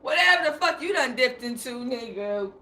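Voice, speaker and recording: A young woman hosting a livestream talks in a high, bright voice. She tells stories casually, with lots of slang, and laughs as she quotes herself. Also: animated, brisk. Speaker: livestream host.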